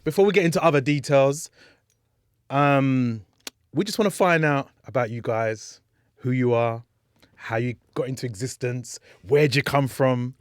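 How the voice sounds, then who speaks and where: A male radio host in a studio, interviewing a band in a jokey, animated way and repeating phrases for emphasis. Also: medium pitch, a little slow, clear, resonant tone, no room sound. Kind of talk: lively radio interview banter.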